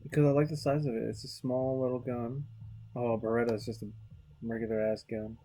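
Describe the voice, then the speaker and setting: An artist chatting casually while drawing, relaxed and rambling, with frequent swearing and trailing restarts. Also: medium pitch, fairly quick, a little hiss or hum. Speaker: artist hosting a drawing video.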